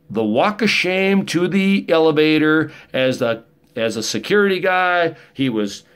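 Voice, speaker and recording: A middle-aged man, telling stories in a rambling, joking monologue. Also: a little high. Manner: rambling, joking, rough-edged storytelling. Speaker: vlogger. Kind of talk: casual monologue.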